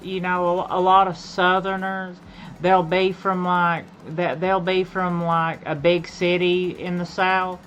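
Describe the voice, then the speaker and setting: A woman's voice: on the low side, little pitch movement, takes it slowly, a bit bright, muffled recording, a little hiss or hum. A woman from Appalachia with an Appalachian accent, chatting casually on a gaming stream and rambling, often repeating and restarting her phrases.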